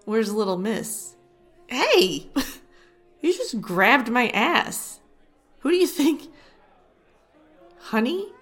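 A woman playing a husky, slow-whispering seductress. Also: medium pitch, faint music behind, exaggerated voice. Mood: teasing. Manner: teasing, playful, sneaky whispering with soft giggles. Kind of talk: whispered role-play.

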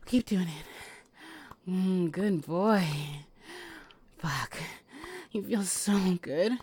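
A woman in a whispered role-play, teasing and giving commands between breathy whispers and sighs. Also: lowish voice, expressive, drawn-out words, a little mellow. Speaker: audio role-play performer.

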